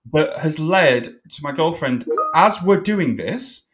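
A man co-hosting a podcast in casual chat, self-mocking and animated. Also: a little high, takes it slowly. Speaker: podcast co-host.

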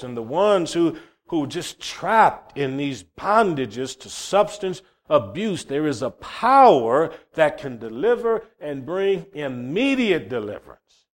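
A man's voice: fairly high pitch, sing-song, slow pace. Fervent preacher man. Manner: fervent, rising to loud emphatic peaks; folksy, repeats words when starting phrases. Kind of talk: sermon.

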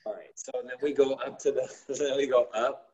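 A man's voice: medium pitch, steady tone, a little fast, dark tone, muffled recording. A man, a guest on a talk show, animatedly telling a story and acting out the dialogue, with plenty of "like". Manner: acts out quoted dialogue with lots of "like".

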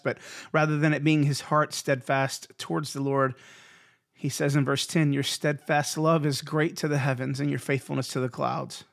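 A man hosting a devotional podcast, preaching in an earnest, encouraging way and repeating phrases for emphasis. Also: on the high side. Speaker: pastor and podcast host. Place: Houston area.

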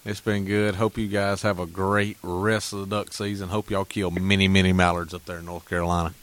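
A man, a podcast host closing the show in a relaxed, friendly way. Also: low-pitched, brisk. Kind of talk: casual sign-off.

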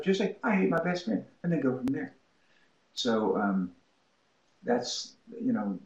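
A man with a low voice talks as a guest about teaching writing. He tells animated stories and acts out what he and his students say. The recording is roomy and dull, with a lo-fi muffled edge. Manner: animated storytelling, acts out quoted exchanges with students. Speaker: writing instructor. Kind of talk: interview guest, casual talk.

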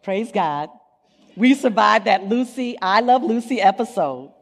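A woman in her fifties, a guest speaker at church, telling an animated personal testimony with dramatic pauses. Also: on the high side, husky, in a large hall. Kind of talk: sermon testimony. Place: church sanctuary.

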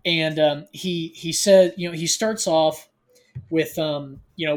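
A man's voice: a little high, steady tone, slow. A man co-hosting a podcast, recapping a novel in loose, filler-heavy casual chat with wry teasing. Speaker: podcast co-host.

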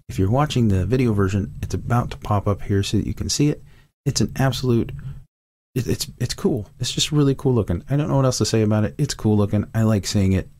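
A man's voice: lowish voice, warm tone. A man casually walking through the programs on his computer, enthusiastic and rambling, with frequent fillers and restarts. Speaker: video reviewer. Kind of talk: casual software walkthrough.

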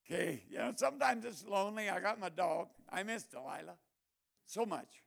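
An older man, a missionary preacher, telling stories in a sermon, moving from quiet asides to loud bursts. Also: high voice, very animated, normal speed, creaky. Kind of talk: storytelling sermon.

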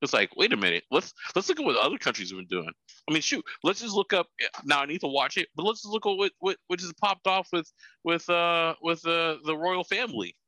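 A man's voice: on the high side, expressive, brisk, pushed and bright, no room sound, low-quality recording. A man in casual chat, rambling, repeating his words and laughing between points.

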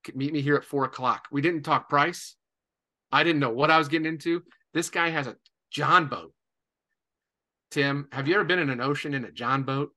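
A man in his forties from Indiana, a podcast guest telling a lively anecdote with lots of "and, uh" fillers. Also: on the high side, moderate pace, pauses often. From Indiana, USA. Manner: lively storyteller, many "and, uh" fillers. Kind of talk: animated anecdote.

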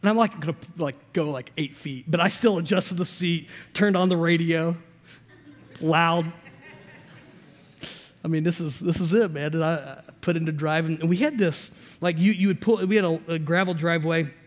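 A man preaching as a pastor, telling a personal story with lively shifts between loud and quiet and acting out the voices in it. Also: fairly high pitch, normal speed, in a large hall. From Indiana. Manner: animated storyteller, shifting loud and soft, acts out dialogue.

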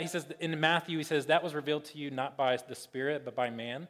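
A man's voice: fairly high pitch, fast talker, few pauses, a bit bright, in a large hall. A man preaching a sermon as pastor, talking in a loose conversational way with lots of fillers and playful retellings. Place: church sanctuary.

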